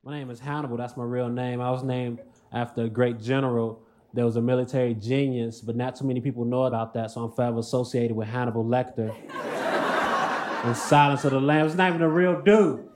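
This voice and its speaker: A man performing a stand-up comedy routine on a club stage, with a dry, deadpan delivery. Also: mid-range voice, fairly quick. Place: comedy club stage before a live audience. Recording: noisy live stand-up recording.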